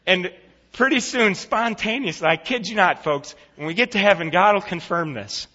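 A male pastor preaching a sermon, telling a vivid story and then making an earnest, hushed appeal. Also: high voice, normal speed. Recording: echoey church hall, dull lo-fi sound.

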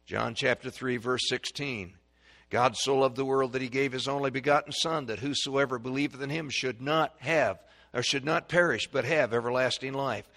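A man preaching a sermon, reading scripture in old-fashioned wording and calling out verses, swinging between loud stresses and quiet asides, recorded in a church sanctuary. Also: a little high. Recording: long reverb of a large hall.

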